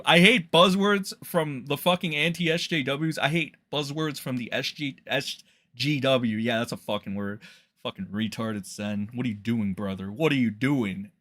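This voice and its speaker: Profane, mocking male streamer with a bright voice. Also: medium pitch. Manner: profane, mocking, rising into loud rants. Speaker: streamer reading tweets. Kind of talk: casual ranting commentary.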